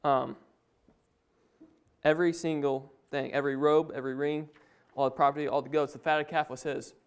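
A man's voice: on the high side, little pitch movement, normal speed, clean tone. A man preaching a sermon, reading scripture aloud and then explaining it in his own words with frequent restarts.

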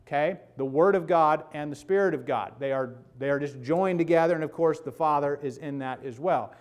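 A man's voice: on the high side, fairly quick. A man in his fifties preaching a sermon to his congregation, conversational and emphatic, checking in with "okay?" and "right?" asides. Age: 50s. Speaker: pastor.

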